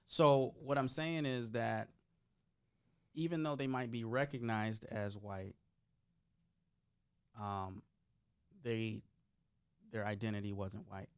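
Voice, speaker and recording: A man giving measured, reflective explanations in a casual podcast discussion. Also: on the low side, fairly even intonation, clear, resonant tone.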